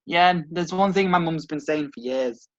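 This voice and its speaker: Chatty young Englishman, slightly higher voice. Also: moderate pace, dull audio. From England. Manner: chatty, tells anecdotes, swears. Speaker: participant. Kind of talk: casual chat.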